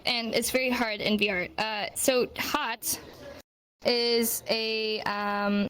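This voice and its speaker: A woman teaching a sign language class in a relaxed, teasing way, slowing down to model each phrase. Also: a little high, poor audio. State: hot and sweaty. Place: warm room, virtual reality class.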